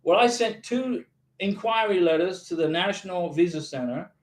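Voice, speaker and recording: A man's voice: high voice, expressive, moderate pace. Chatty man hosting a visa livestream. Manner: chatty, emphatic and encouraging, reads viewer comments aloud. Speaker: YouTube channel host answering viewer questions. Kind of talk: casual livestream chat. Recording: echoey room.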